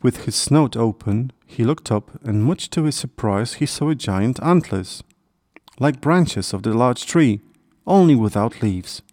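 Man narrating a bedtime story in a mellow voice. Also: medium pitch, animated, a little slow, dry recording, clean studio sound.

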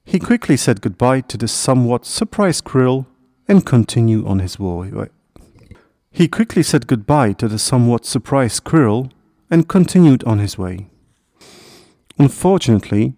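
A man reads a children's animal story aloud in a gentle, expressive way. His pitch moves animatedly while his voice stays mid-range. The recording is dry and close. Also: no room sound. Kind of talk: storybook narration.

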